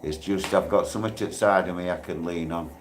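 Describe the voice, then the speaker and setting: A man, hosting a casual livestream while in pain, rambling and quickly turning irate. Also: low voice, a little hiss or hum. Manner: rambling, grows irate and loud when aggrieved. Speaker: livestreaming channel host.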